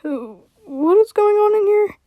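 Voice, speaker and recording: A woman voicing a calm, serious young man in a read-aloud story. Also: very high-pitched, a little slow, dry recording, phone-quality sound, pitched above the performer's own voice.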